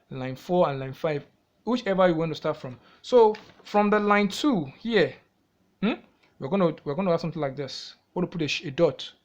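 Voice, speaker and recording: A man with a Nigerian English accent teaches a music theory lesson in a fairly high voice, captured in a muffled recording. He repeats himself often and asks the viewer questions before answering them.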